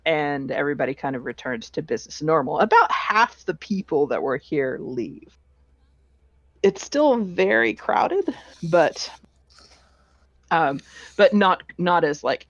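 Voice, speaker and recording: A game master narrating a tabletop game in a relaxed, hesitant way, with many fillers. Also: medium pitch, no echo. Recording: dull, slightly lo-fi online call audio.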